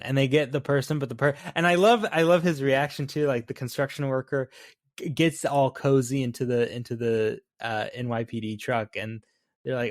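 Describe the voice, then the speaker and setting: A man's voice: medium pitch, fairly even intonation, normal speed, no room sound. Man in easy podcast chat, dry close sound. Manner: laughs easily, asks follow-up questions. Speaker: podcast co-host. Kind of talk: casual film review chat.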